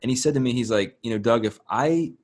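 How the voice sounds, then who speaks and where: A man's voice: medium pitch, darkish tone. A man hosting an interview, talking casually with many fillers and restarts. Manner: casual, filler-heavy, halting. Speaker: podcast host. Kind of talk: interview conversation.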